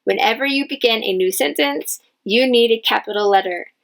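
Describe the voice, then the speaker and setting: A woman English teacher leading a dictation lesson, speaking patiently and spelling out each word clearly. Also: a little high, normal speed, rough recording. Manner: patient, enunciates each word, stresses key words. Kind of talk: slow, clear classroom dictation.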